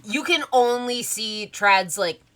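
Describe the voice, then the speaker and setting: A woman running a tabletop game, her voice bright and clear. She talks slowly and casually, with lots of fillers, and describes scenes in a relaxed way. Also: fairly high pitch. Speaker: game master.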